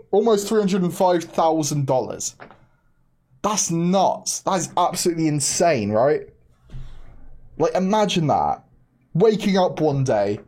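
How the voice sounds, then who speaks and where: A young man hosting a casual livestream, chatty and excitable, laughing often and talking straight to his chat. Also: a little high. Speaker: livestream host.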